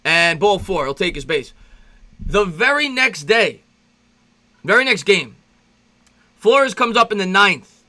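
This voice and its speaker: High, bright-voiced excitable male sports fan. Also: takes it slowly, long pauses. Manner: chatty, rambling asides to viewers between pitches; excitable, voice jumps up when reminiscing. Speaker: fan play-by-play host. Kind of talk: amateur play-by-play commentary with reaction.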